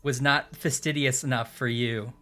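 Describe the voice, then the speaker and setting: Man, casual game commentary, wry humor, bright tone. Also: mid-range voice, moderate pace, soft background music. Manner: wry, deadpan jokes, reads game text aloud. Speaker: game streamer. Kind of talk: casual let's-play chat.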